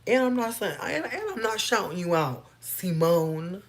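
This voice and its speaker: A woman's voice: medium pitch, lively intonation, unhurried. A woman chatting casually on a livestream, reading and answering comments in a playful, laid-back way with plenty of swearing.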